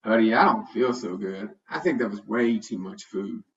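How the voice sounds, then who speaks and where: A man's voice: on the low side, normal speed, reverberant, natural voice. Man doing a whiny hungry puppy. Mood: sluggish. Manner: whiny, pleading. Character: hungry, greedy young male puppy. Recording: dull, distant home recording.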